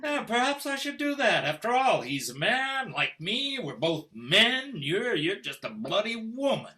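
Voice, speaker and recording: Older actor as a sneering husband on a video-call stage play, bright tense voice, slow delivery. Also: male voice, sits high, sing-song, exaggerated voice. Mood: taunting. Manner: taunting, mocking, coldly deliberate. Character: scornful middle-aged husband baiting his wife. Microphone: computer mic on a video call.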